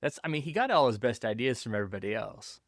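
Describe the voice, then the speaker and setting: A man co-hosting a casual comic book podcast, playful and quick to laugh. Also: mid-range voice, animated, no room sound, studio quality. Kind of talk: casual chat.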